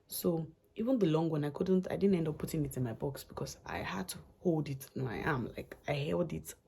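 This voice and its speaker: A young woman tells her travel story in a chatty, rambling way, circling back and restarting as her feelings come up. Her voice sits low and husky, with a gravelly edge and a warm, dark tone. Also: fairly quick. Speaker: vlogger. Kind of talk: casual storytelling vlog.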